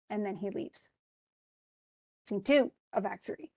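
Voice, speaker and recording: A woman's voice: mid-range voice, steady tone, moderate pace, creaky. A woman teaching, casually retelling a play and paraphrasing it in modern everyday speech. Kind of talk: casual literature lesson.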